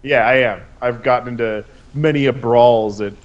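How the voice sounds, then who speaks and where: A young man co-hosting a podcast, talking brashly and animatedly in casual chat, quick to swear. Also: mid-range voice, highs cut off. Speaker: podcast co-host.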